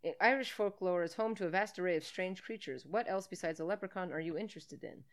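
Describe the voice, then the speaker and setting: A woman's voice: fairly low pitch, quick pace. A woman co-hosting a casual podcast, reading a quiz aloud in a playful way, swearing freely and laughing often. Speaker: podcast co-host.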